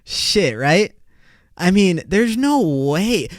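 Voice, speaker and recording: A young man hosting a solo podcast, ranting in an excitable, profane, slangy way. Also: a little high, a little slow, no room sound, studio quality. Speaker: podcast host.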